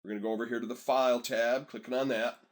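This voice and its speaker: A man at a middle pitch walks through a software task over a screen recording. His manner is easygoing and conversational, and he keeps checking in with learners to pause the video and follow along. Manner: relaxed, chatty, tells viewers to pause and catch up. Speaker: software instructor. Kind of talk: screen-recorded tutorial narration.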